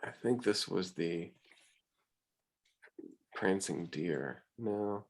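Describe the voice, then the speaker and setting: Art teacher guy, lowish voice, casual class chat, lots of stops and restarts. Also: lively intonation, very slow. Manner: hesitant, many restarts.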